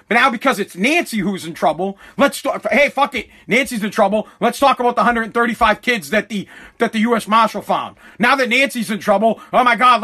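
A man's voice: very high-pitched, bright, forceful tone. A man ranting about politics, heated and profane, talking to his viewers. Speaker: commentator.

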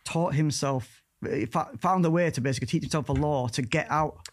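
Guy, calm and coaxing, talks you through a mind trick. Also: fairly quick. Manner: calm, coaxing, drops to a soft low voice while guiding the trick. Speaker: mentalist guest. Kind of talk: casual chat.

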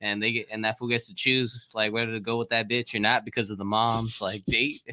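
A young man retelling a story on a podcast with an animated, slang-heavy delivery. His voice is bright and forward, and the close, dry sound leaves no room echo. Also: fairly low pitch, a little fast. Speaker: podcast guest. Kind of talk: casual chat.

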